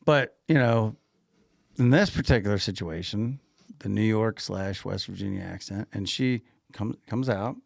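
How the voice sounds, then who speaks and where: A man co-hosting a podcast, casually telling an animated anecdote, laughing often and repeating himself. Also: on the low side, unhurried, creaky, no echo, studio quality. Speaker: podcast co-host and grocery store owner.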